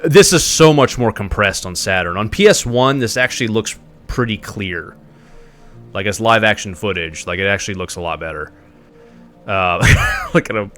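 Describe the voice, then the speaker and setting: A man streaming a game live, giving animated, mocking commentary with laughs. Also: fairly low pitch, moderate pace, faint music behind.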